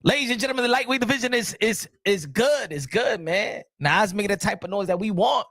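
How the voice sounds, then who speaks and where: Loud, high-voiced man ranting about boxing. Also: animated, brisk, no echo, clean studio sound. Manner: loud, playful, mixes Spanish phrases, repeats lines, mock outrage. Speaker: boxing show host. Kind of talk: animated solo boxing talk.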